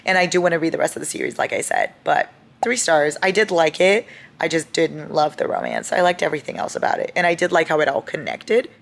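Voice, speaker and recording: A young woman talks through her reading in a loose, casual vlog, reacting out loud as she goes. Her voice sits a little low. She swears freely and jumps from chatter to shocked outbursts. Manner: chatty, expressive, swears freely, bursts into laughter and shocked outcries. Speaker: book vlogger.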